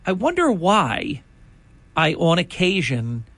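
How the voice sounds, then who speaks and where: A man's voice: fairly high pitch, huge pitch swings, slow, creaky, fairly bright tone, dry recording. An older man hosting a political talk show, chatting in a rambling way that turns indignant. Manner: indignant, conversational, rambling asides. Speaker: radio talk host.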